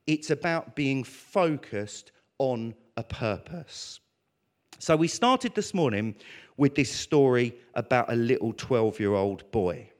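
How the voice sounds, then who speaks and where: A man with a medium-pitched voice preaches a sermon, working through scripture and animatedly acting out prayers and dialogue.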